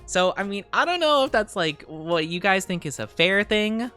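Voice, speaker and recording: A woman's voice: medium pitch, very animated, moderate pace, sharp tone, smooth, faint music behind. A woman streamer chatting casually with her live chat, giggling often and trailing off with fillers.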